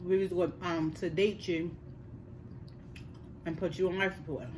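An older woman, telling a personal story in casual chat, animated and repeating words for emphasis. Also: on the low side, normal speed, noisy background. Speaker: host.

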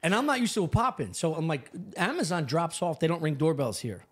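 Man, comedian, podcast co-host, casual profane storytelling, animated, slightly high voice. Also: fairly quick. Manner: profane, animated, mimics a neighbor in quotes.

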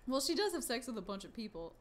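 A woman's voice: fairly high pitch, very animated, fast. A young woman speaking as a stream guest, blunt, frank and teasing. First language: not English. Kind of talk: casual chat.

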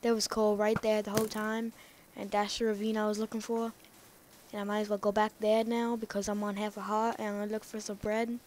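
A woman rambling through casual gameplay commentary, talking excitedly to herself and to the game's characters. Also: medium pitch, fairly quick, a little hiss or hum. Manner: rambling, excitable self-talk to the game. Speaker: let's play gamer.

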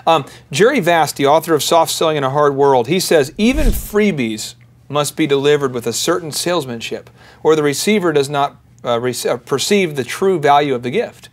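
A man hosting a business radio show, telling sales stories with animated voices for the people in them. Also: a little high, moderate pace. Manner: animated storyteller acting out voices in anecdotes. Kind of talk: storytelling business talk.

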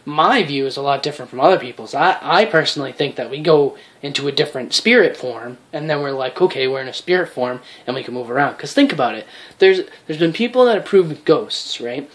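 Rambling profane vlogger rant. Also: mid-range voice. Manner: profane, rambling, animated with acted-out quotes. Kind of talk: rambling casual rant to camera.

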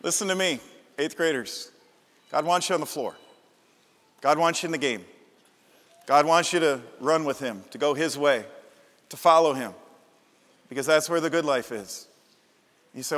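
Middle-aged male pastor, high voice, passionate repetitive preaching, big echoing sanctuary. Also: brisk, long pauses, fairly bright tone. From Midwestern United States. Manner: passionate, emphatic preaching with repeated phrases. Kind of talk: sermon. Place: large church sanctuary. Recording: long church-hall reverb.

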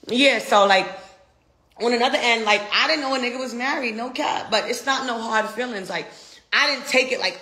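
A woman's voice: a little high, a little fast, pushed and bright, reverberant. Brash, profane American woman ranting. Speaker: social media personality. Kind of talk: ranting live video.

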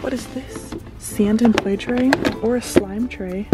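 A young woman vlogging casually with excitable, bubbly energy, sometimes dropping to a whisper in public, recorded on a handheld camera. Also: a little high, slow pace. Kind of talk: casual vlog chat. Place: at home, then a craft store. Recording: pop music clearly audible behind.

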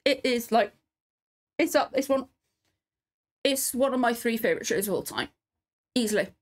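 At home, a woman hosting a reaction video cries and sniffles while reacting to a TV episode, rambling emotionally and swearing often in casual commentary. Her voice is on the high side, at a moderate pace.

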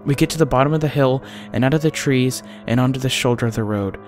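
A man narrating a first-person horror story, often dropping to a hushed, breathy delivery at tense moments. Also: medium pitch. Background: faint music.

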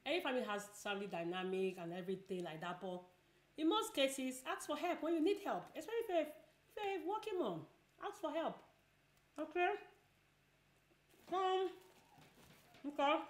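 A woman's voice: fairly high pitch, reverberant. A woman chatting casually while eating, giving advice and repeating herself a lot. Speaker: vlogger.

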